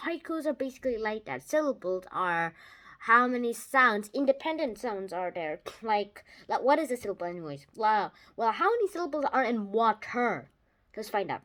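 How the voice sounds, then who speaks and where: A child giving a casual spoken video report, explaining things eagerly in a rambling way, with many restarts and lively jumps in pitch and loudness. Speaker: video reviewer.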